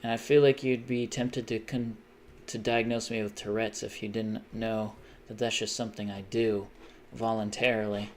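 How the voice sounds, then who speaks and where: A man's voice: on the low side, little pitch movement, normal speed, hardly any pauses, slight background noise. A man streaming live while he plays a game, rambling in a self-mocking way and chanting silly repeated noises. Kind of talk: casual live-stream chat while gaming.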